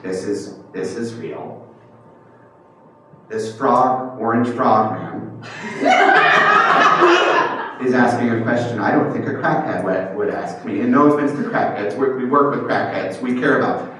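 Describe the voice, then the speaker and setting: A man impersonating a weary, composed female presidential candidate who speaks in a hushed, deliberate way in a live improv debate parody. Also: mid-range voice, natural voice. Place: improv theater stage. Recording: echoey theater from far off, noisy.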